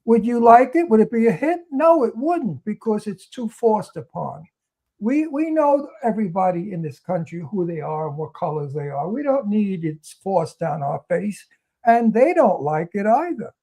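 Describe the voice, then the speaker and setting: Blunt Brooklyn man with a high voice. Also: very animated, moderate pace, warm tone. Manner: blunt, opinionated, emphatic. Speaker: actor and guest. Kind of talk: talk show interview.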